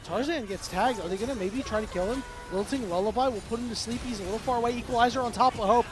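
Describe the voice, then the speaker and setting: A man calling live esports play-by-play, rapid and excitable, bantering with his co-caster. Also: extremely high pitch.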